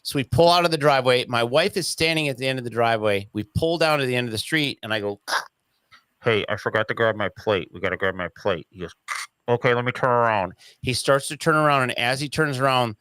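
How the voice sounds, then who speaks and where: A man's voice: mid-range voice, lively intonation, fast talker, fairly bright tone, clear, resonant tone, dry recording. A man telling a story as an interview guest, in casual talk that acts out the quoted voices and swears freely.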